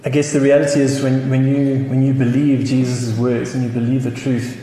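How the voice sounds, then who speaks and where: A South African pastor preaches a sermon in a mid-range, mellow voice with little pitch movement, speaking a little fast. He tells a story full of chuckles and frequent restarts, captured in an echoey hall with faint noise.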